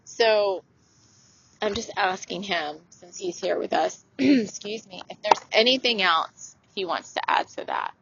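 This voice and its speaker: A woman's voice: mid-range voice, sing-song, a little slow, creaky, a bit bright, highs cut off, slight background noise. A woman hosting a solo spiritual talk show, speaking in an earnest, gushing, emotional way. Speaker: spiritual podcast host, channeler.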